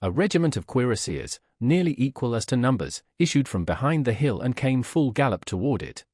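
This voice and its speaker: A man narrates a classic adventure novel with a husky, slightly rough voice. His pitch swings widely as he reads. The sound is close and dry, with no room around it. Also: sing-song, brisk, a little mellow, dry recording. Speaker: audiobook narrator.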